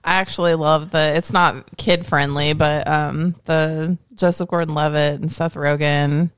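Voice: mid-range voice, flat delivery, unhurried, fairly bright tone, clear, resonant tone, no room sound. A podcast co-host in casual chat, speaking loosely with many fillers. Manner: casual, many likes and ums.

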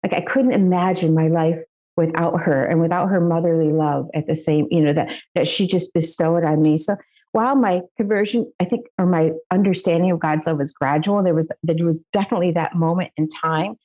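A woman's voice: fairly low pitch, fairly even intonation, a little fast, mellow. A middle-aged woman from the United States, a guest giving an emotional personal faith testimony, earnest and laughing at times.

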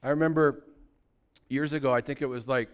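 Smooth-voiced pastor telling a story. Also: male voice, medium pitch, a little fast. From California. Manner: lively anecdotal, with sudden loud bursts. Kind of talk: sermon storytelling.

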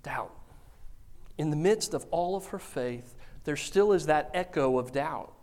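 A man preaching a sermon, telling the story with lively acted-out quotes. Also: on the high side, unhurried. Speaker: pastor.

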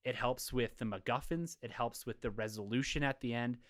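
Man, podcast panelist, measured analytical film talk, casual discussion. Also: mid-range voice.

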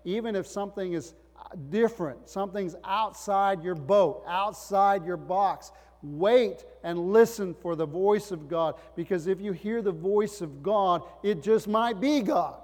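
A man's voice: sits high, unhurried, darkish tone. A middle-aged man, a pastor, preaching a sermon with emphatic rising bursts and rhetorical questions. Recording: long hall reverb.

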